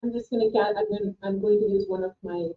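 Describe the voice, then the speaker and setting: A woman with a high, lively voice plays in a tabletop game. She talks playfully and hesitantly. She comes through a tinny, phone-like line with an echoey sound. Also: fast, vocal fry, a little hiss or hum. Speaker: player. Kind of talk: casual tabletop play. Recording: tinny phone-like call audio with echo.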